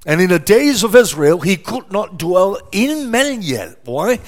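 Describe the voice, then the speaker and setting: A man's voice: high voice, very animated, measured pace. A middle-aged man preaching a sermon, emphatic and repetitive, asking rhetorical questions and answering them.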